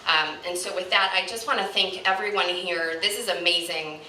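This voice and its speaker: A woman in her thirties gives an earnest speech at a fundraiser, filling her pauses with ums. Her voice is bright and a bit lower than most, and it is picked up from across an echoey room. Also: recorded from a distance, a little hiss or hum. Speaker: fundraiser speaker. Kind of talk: speech to a crowd.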